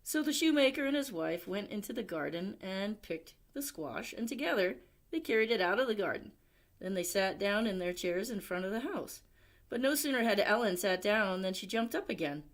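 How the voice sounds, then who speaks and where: A woman at a library reading a picture book aloud, expressive, with chatty asides to young listeners. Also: medium pitch, normal speed. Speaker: library storyteller.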